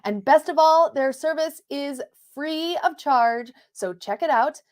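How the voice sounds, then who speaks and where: A woman's voice: high voice, a little slow. A woman co-hosting a live podcast, talking in a bubbly, giggly way with lots of "like" fillers. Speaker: podcast co-host. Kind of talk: casual live podcast chat. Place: home recording setup in Long Beach, California. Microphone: new podcast microphones.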